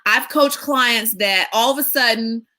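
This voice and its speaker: A woman media coach hosting a weekly tips video, talking in an excitable, emphatic coaching style. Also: on the high side, a little slow. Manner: excitable, emphatic, lively delivery with laughs. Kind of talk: energetic coaching monologue.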